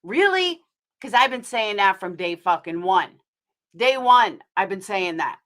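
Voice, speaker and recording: A woman's voice: medium pitch, measured pace, fairly bright tone. A woman hosting a casual live stream, talking bluntly, swearing freely and rambling as she vents to her viewers. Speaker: livestream host.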